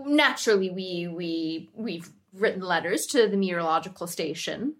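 A woman's voice: lowish voice, lively intonation, moderate pace, fairly bright tone. A woman playing a tabletop game in character, prim and precise, hedging her words. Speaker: player.

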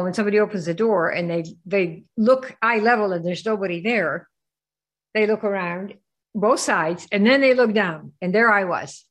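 A woman giving a live business training presentation. She keeps firing rhetorical questions at her listeners and pushing them to answer. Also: mid-range voice. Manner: rhetorical, quizzes the audience.

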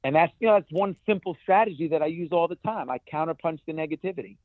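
A man, a guest in an interview, telling stories in an energetic way with many restarts. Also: fairly high pitch, quick pace, no room sound. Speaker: guest, ultrarunner. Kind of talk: conversational interview. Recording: tinny phone-like dry sound.

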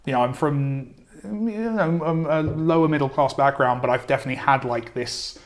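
A man's voice: a little high, normal speed. Hesitant man with a mildly posh English accent. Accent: mildly posh southern English. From southern England. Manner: self-deprecating, hesitant, many restarts and fillers. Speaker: game writer, guest. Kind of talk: casual podcast conversation.

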